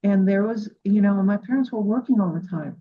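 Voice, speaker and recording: A woman's voice: mid-range voice, brisk. A woman from Cuba hosting a radio interview, telling heartfelt stories in a casual, earnest way. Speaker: radio show host. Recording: dull lo-fi recording.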